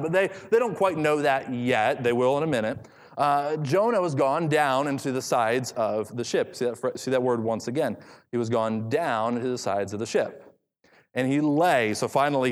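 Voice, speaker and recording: A man preaching an expository sermon, reading scripture aloud and repeating key phrases for emphasis. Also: medium pitch. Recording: long hall reverb.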